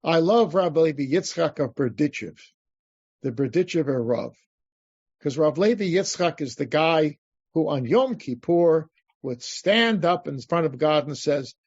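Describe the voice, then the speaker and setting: Older rabbi guy lecturing over zoom, husky voice, kinda muffled dry audio. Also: fairly high pitch, unhurried, no room sound. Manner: animated, acts out pleas to God, many restarts. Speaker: rabbi teaching a class. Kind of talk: animated lecture. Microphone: video call. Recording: dull lo-fi video call audio.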